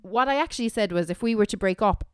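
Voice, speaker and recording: An Irish woman co-hosting a podcast at home, teasing and arguing in fast casual chat. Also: medium pitch, clear, resonant tone, no room sound, studio quality. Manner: teasing, argumentative, quick storytelling. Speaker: podcast co-host.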